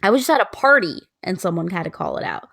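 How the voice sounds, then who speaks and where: Animated young woman telling stories. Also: fairly low pitch, quick pace, creaky, no room sound, studio quality. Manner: storytelling, animated, laughs often. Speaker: podcast co-host. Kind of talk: casual chat.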